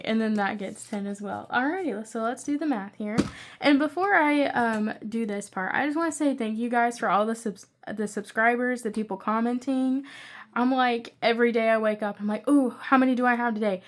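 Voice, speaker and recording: A young woman chatting casually through her budget, rambling with excitable asides. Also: fairly high pitch, normal speed. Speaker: budgeting channel creator.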